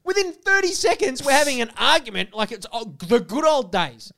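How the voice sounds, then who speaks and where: A man, a podcast co-host telling crude stories in animated, swearing casual chat. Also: very high voice, a little fast, creaky.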